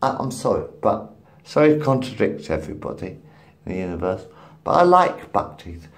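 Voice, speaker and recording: Gravelly rambling man in his fifties. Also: fairly low pitch, very animated, normal speed. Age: 50s. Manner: rambling, profane, swings between mutters and loud outbursts. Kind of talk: rambling solo monologue to camera.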